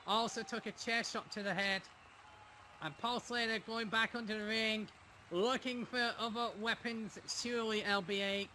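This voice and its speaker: A man calling a wrestling match play by play, dramatic and quick to laugh. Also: high voice, fairly even intonation, sharp tone, a little hiss or hum. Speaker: play-by-play commentator.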